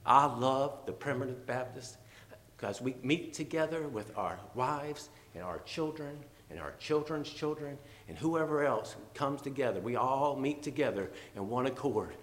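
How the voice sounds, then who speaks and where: A man preaching a fervent, emotional sermon, at times teary and laughing softly. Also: mid-range voice.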